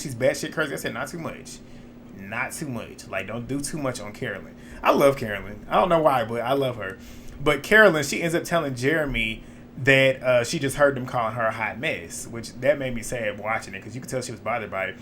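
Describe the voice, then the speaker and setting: A man's voice: mid-range voice, animated, fast, a bit bright, slight background noise. A young man recapping a reality show episode in a casual, blunt, chatty way, swearing freely and laughing at his own asides.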